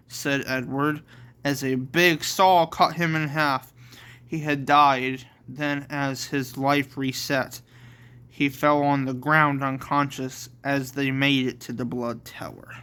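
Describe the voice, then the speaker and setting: Slow, bright-voiced male storyteller. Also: a little high, level tone, smooth. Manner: slow and plain, with self-corrections. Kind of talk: reading a homemade story aloud.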